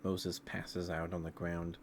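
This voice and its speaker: Sleepy man with a very low voice, loose meandering ASMR storyteller. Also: completely flat delivery, unhurried, slight background noise. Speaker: streamer. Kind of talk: casual ASMR ramble.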